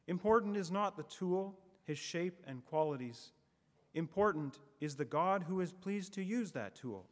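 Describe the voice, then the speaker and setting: Man preaching in a reverberant hall. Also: high-pitched. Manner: measured, emphatic preaching with falling phrase endings. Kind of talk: sermon.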